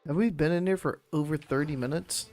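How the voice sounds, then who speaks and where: A man's voice: on the high side, brisk, a little mellow, faint music behind. A man streaming a game and chatting casually, rambling and laid-back, swearing freely and laughing often. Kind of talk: casual chat while gaming.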